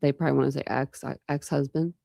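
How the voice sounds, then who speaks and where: An extremely low, creaky, dark voice with a steady tone and quick pace belongs to a woman hosting a true crime livestream. She rambles casually with viewers, restarting often and using many fillers. The sound is clean studio quality with no room sound.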